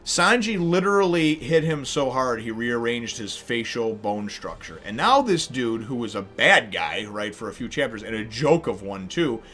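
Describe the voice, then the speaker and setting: A man hosting a casual comic review, talking in an excitable, rambling way and swearing freely. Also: mid-range voice. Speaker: comic reviewer and channel host.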